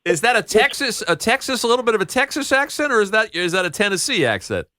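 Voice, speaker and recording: A male co-host with a bright, lively voice that rises and falls freely as he laughs along with the guest. The sound is dry and close to the mic. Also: sits high, no room sound. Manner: laughs along, quick reactions. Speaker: podcast co-host. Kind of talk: casual interview chat.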